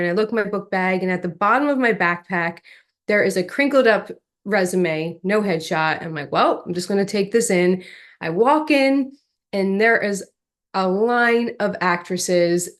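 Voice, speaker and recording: Lively young woman telling stories. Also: medium pitch. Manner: animated, lively storyteller. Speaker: actress, guest. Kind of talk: storytelling in an interview.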